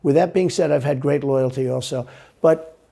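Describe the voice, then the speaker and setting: A man's voice: medium pitch, normal speed, gravelly, warm tone. A man speaking as an interview guest, rambling and repeating himself with a boastful tone. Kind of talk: played interview clip.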